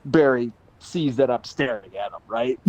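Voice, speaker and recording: Animated man telling a story. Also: mid-range voice, slow pace, husky. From Minnesota, USA. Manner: animated, swears casually, acts out other people's lines. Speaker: livestream panelist. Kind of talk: casual storytelling on a livestream.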